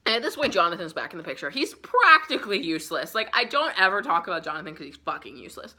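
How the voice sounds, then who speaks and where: A young woman with a rather low but bright, forceful voice chats through a book summary for her vlog. She rambles in a loose, profane, filler-heavy way. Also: sing-song, quick pace. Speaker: book vlogger.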